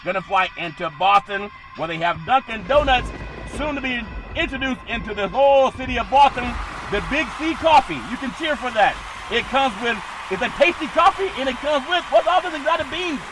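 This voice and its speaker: A man hosting a comic sports podcast, doing mock play-by-play that builds to shouted home-run calls, laughing often. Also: extremely high pitch, expressive, fairly quick, over music, low-quality recording. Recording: loud outdoor traffic noise behind.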